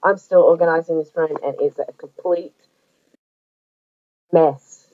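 An Australian craft vlogger in her forties chats casually in a show-and-tell about crafts, rambling and gushing with lots of ums and restarts. Her voice is low and steady and a little slow, and the audio is dry and tinny, like a phone.

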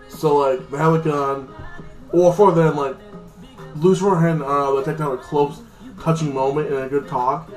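A man's voice: a little high, fairly even intonation, fairly quick, a little mellow, soft background music. Rambling man recapping a show, echoey room. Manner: rambling, profane, lots of fillers. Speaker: TV show reviewer. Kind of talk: casual episode recap.

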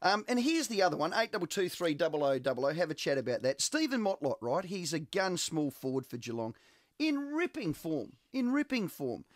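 Australian male sports radio co-host, high and animated, banter-driven. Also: fairly quick, few pauses, dry recording, studio quality. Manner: lively, teasing banter. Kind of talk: casual radio sports chat.

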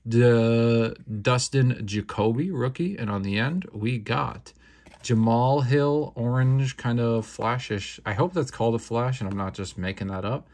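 A young man chats through a card unboxing in a relaxed, slangy way. His voice sits at an ordinary middle pitch, and he breaks into quick excited reactions now and then. Packs crinkle behind him as he talks. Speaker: card-opening channel host. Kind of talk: casual unboxing commentary.

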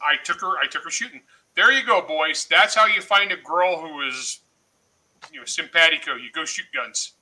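A boisterous middle-aged man trades jokes on a casual livestream. His voice sits high and cuts with a hard, bright edge. He laughs often and talks loudly. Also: normal speed, rough recording. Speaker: guest author.

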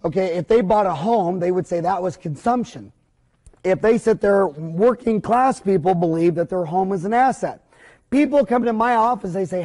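A man's voice: sits high, moderate pace, darkish tone. A middle-aged man giving a blunt, opinionated seminar lecture at a whiteboard, rambling with folksy mild cursing.

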